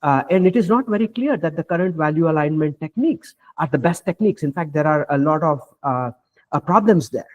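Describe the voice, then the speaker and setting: A male researcher on a panel, talking in a fairly high voice. He is measured and explanatory, often pausing with fillers and restarting his sentences. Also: lively intonation, a little mellow, lo-fi sound. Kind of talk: panel discussion remarks. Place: virtual roundtable, video call.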